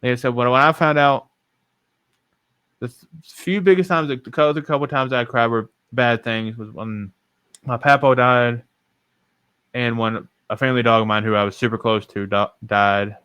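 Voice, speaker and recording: Smooth-voiced young man telling a story. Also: mid-range voice, fairly even intonation, moderate pace, a bit bright, no echo. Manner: rambling, self-correcting storyteller. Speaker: podcast host. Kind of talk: casual storytelling.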